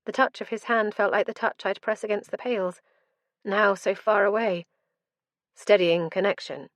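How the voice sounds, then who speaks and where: A woman's voice: mid-range voice, fairly even intonation, normal speed, no echo, clean studio sound. A woman narrating a first-person fantasy audiobook in an intense, dramatic storytelling manner.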